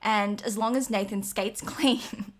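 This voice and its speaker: A woman's voice: mid-range voice, steady tone, a little slow. Chatty woman podcast co-host who swears. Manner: chatty, swears freely, laughs often. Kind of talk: casual chat.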